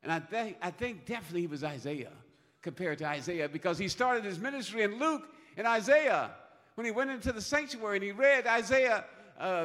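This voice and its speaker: A man preaching a sermon in a church, emphatic, repeating phrases and building to loud peaks. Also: sits high, expressive, brisk. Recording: long hall reverb.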